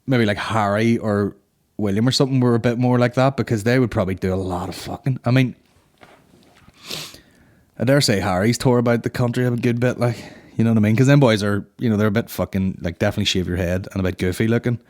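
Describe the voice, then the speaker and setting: A man's voice: fairly low pitch, fairly even intonation, fast talker, darkish tone. A man hosting a comedy podcast, rambling crudely with heavy swearing. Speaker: podcast host. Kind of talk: casual comedy podcast banter.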